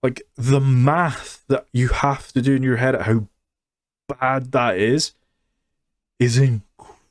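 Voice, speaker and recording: Slow, sarcastic man ranting on a review. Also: mid-range voice, fairly even intonation, no room sound, clean studio sound. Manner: sarcastic, mocking. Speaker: YouTube reviewer.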